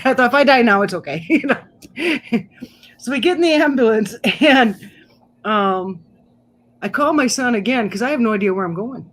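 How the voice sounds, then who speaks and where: A middle-aged woman telling a personal story in a casual chat, animated and laughing as she goes. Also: mid-range voice, a little hiss or hum. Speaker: guest storyteller. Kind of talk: casual storytelling on a live stream.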